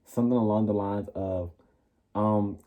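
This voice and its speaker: A young man vlogging, telling a school story in a casual, sassy, animated way and acting out what people said. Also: fairly low pitch, moderate pace, narrow, tinny audio. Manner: animated, sassy, acts out quoted lines.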